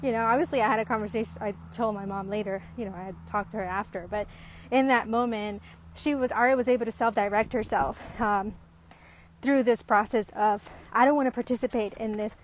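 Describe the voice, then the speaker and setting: A woman's voice: medium pitch, brisk, slight background noise. A woman talking to camera as a parent in a casual, reflective monologue, rambling with many ums and restarts, earnest and growing emphatic. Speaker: parent vlogger.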